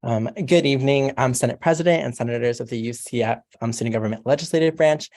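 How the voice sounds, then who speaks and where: A man's voice: medium pitch, darkish tone. A young man, a college sophomore, giving a prepared, earnest speech as a candidate for a student court seat. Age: young adult. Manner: formal, measured and earnest.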